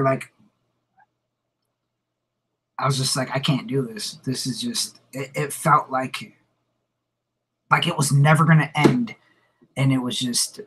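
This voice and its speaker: A man's voice: fairly high pitch, a little hiss or hum, rough recording. A man, vlogging and telling a rambling personal story, repeating words and laughing as he goes. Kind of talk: casual storytelling to camera.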